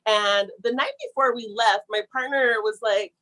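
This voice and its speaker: A woman telling a long personal story in a casual, animated way, talking fast and acting out the people she quotes. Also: a little high, poor audio. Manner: talks fast to get through a long story.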